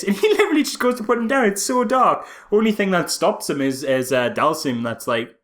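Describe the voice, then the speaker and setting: A man's voice: sits high, brisk, fairly bright tone. A man, co-hosting a casual film review chat and mocking scenes with silly character voices. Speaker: podcast co-host.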